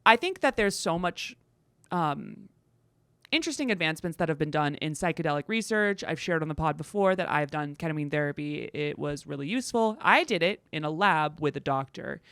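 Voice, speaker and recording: Bright-voiced woman podcast co-host, laughing. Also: deep voice, expressive, fairly quick, smooth, no echo. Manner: laughing, sarcastic, profane. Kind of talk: casual chat.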